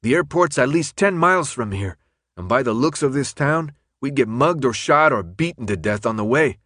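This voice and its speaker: A man's voice: medium pitch, expressive, normal speed, a bit bright, dry recording, clean studio sound, pitched above the performer's own voice. A man doing a wary, street-smart older man.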